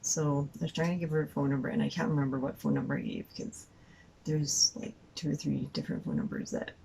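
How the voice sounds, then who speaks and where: A woman's voice: sits low, fairly even intonation, fast, gravelly, mellow, a little hiss or hum, low-quality recording. A young woman, a mother, rambling through a story to the camera with many fillers and frequent laughter. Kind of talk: casual storytelling.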